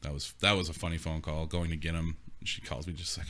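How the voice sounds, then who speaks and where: A man's voice: deep voice, expressive, a little fast, bright, forceful tone. A young man co-hosting a podcast, telling rambling stories with frequent laughter and casual swearing. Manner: rambling storyteller who laughs often and swears freely. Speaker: podcast co-host. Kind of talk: casual chat.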